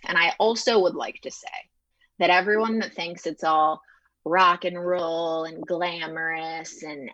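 A young woman from Chicago, a chef and TV host, tells her career story as an interview guest. She talks fast and animated, with a fairly low voice for a woman, recorded dry and a little dull. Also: no room sound. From Chicago, United States. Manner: fast, animated, acts out quoted dialogue.

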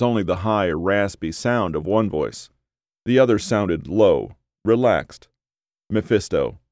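A male audiobook narrator with a fairly low voice, telling the story at a measured pace. The recording is dry and close, with no room sound. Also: darkish tone, no room sound.

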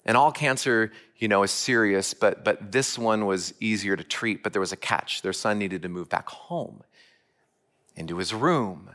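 A man's voice: on the low side, moderate pace, fairly bright tone. A man giving a sermon, telling a personal story earnestly and asking the listeners direct questions. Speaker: church speaker.

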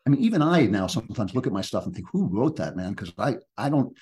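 A man's voice: mid-range voice, big pitch swings, quick pace, a little mellow. An older man, a crime novelist, talking earnestly about beauty and truth in an interview, often restarting his sentences. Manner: earnest and searching, with many restarts. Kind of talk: reflective interview talk.

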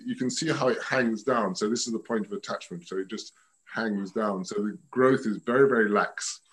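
Male guest, fairly low voice, meandering hesitant talker on a home video call. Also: low-quality recording. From France. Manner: rambling, hesitant, restarts often. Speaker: guest rose expert. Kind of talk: casual chat over video call. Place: at home by a window.

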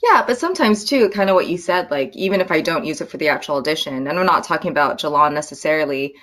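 A woman actress as interview guest, talking in a relaxed, friendly way with plenty of "like" and "um". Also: sits low, fast. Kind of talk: casual interview chat.

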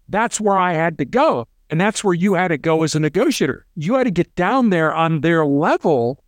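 In a clean studio recording without echo, a middle-aged ex-hostage negotiator with a slightly high voice talks briskly, pausing little. His interview stories are lively, full of acted-out quoted voices and repeated words.

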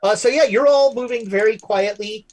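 A game master narrates a tabletop horror game. He rambles loosely, with many fillers, restarts and trailing pauses. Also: medium pitch, darkish tone, low-quality recording.

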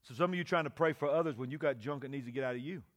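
A man preaching a sermon, often shouting and calling for responses from the congregation. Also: medium pitch, very fast. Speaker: pastor.

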